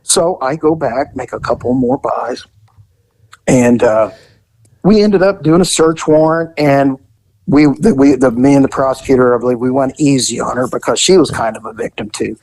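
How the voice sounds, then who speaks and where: A middle-aged man, once a police detective, telling crime stories in a casual, animated way and jumping into high voices when he quotes people. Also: moderate pace, low-quality recording. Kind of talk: casual storytelling.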